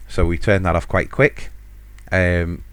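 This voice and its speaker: Male podcaster, deep voice, dry close sound, loose and self-deprecating storytelling. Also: flat delivery, measured pace, a bit bright, no echo. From United Kingdom. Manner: rambling and self-mocking, chuckling often. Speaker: podcast host. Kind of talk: casual solo storytelling.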